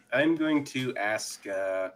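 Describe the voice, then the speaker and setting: A man's voice: medium pitch, animated, extremely slow, a bit bright, slight background noise. A man playing an online tabletop game, asking questions in a joking, casual way with fillers. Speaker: player.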